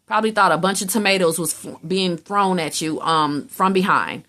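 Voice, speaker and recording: A tarot reader with a lowish, somewhat bright voice and a moderate pace gives a casual reading. She's blunt and emphatic, swears freely, and acts out how other people react.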